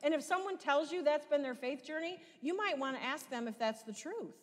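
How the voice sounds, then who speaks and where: A woman's voice: high-pitched, lively intonation, a little fast. Midwestern woman pastor, reverberant church. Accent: American Midwest. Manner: conversational preaching with rhetorical questions. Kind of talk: sermon. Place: church sanctuary.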